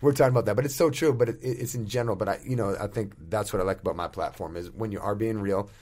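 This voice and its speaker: A radio host from Boston talks at breakneck speed, his voice sitting a bit low for a man. He tells animated stories with a Boston accent and swears casually. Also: rapid-fire. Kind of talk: casual podcast chat.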